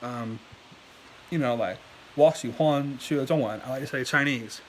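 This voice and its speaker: Man, casual language lesson, rambling, fillers, mid pitch, faint hiss. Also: moderate pace. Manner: rambling, lots of fillers and restarts. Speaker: language learning video host. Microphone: desk setup, moves around in his chair.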